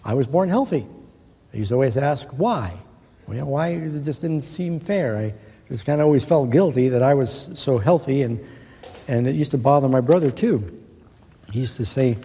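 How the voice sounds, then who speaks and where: A man preaching a sermon in an earnest way, asking rhetorical questions and slowing down to quote scripture. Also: medium pitch, lively intonation, warm tone, slightly rough. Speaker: pastor. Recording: long reverb of a large hall.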